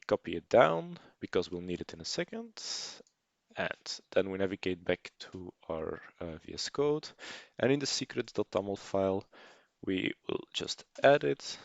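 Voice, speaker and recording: Low, gravelly male tutor, dry and close, unscripted explaining over his screen, dull lo-fi voice-over. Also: no room sound. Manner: casual, unscripted explaining with fillers and restarts. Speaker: programming tutor. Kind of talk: screencast coding tutorial narration.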